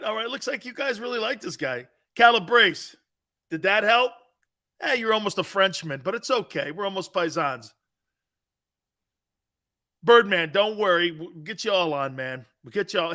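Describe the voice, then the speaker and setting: A man hosting a live sports talk show, joking loudly with viewers, reading their comments and laughing often. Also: high voice. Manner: joking, loud, laughs often, calls out chat names.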